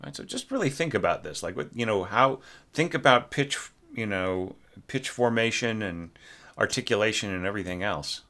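A man's voice: on the low side, normal speed, bright, forceful tone. A man teaching orchestration, giving a casual spoken critique of a student's score, thinking aloud with hesitant restarts. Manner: sings short phrases on nonsense syllables.

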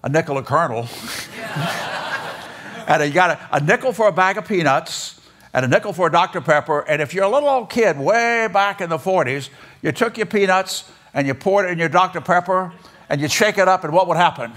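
An older man delivers a storytelling sermon to a chapel audience. His voice sits a little high for a man, and he tells homespun anecdotes, dipping into the voices of the people in them. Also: expressive, a little fast, a bit bright. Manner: folksy, anecdotal, acts out voices in stories. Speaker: preacher speaking in a seminary chapel. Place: auditorium.

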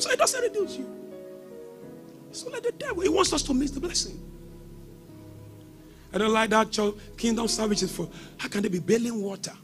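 Animated, high-voiced preaching pastor. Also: male voice, moderate pace, pauses often, faint music behind. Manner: animated preaching with shouted exhortations and sing-song lines. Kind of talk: sermon.

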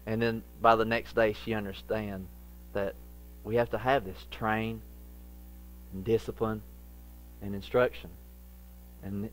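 A middle-aged male pastor preaching a sermon, lively and acting out the voices he quotes. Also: lowish voice, a little slow, pauses often, rough recording. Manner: animated, acts out quoted voices.

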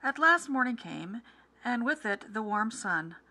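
A woman teacher reading a children's book aloud with clear, expressive storytelling, then going over quiz questions. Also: fairly high pitch, measured pace.

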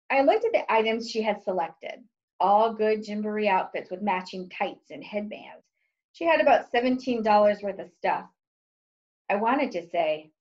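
A woman's voice: medium pitch, lively intonation, moderate pace, darkish tone, dull audio. A woman reading her own book aloud in a wry, sarcastic, exasperated tone. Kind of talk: audiobook-style reading.

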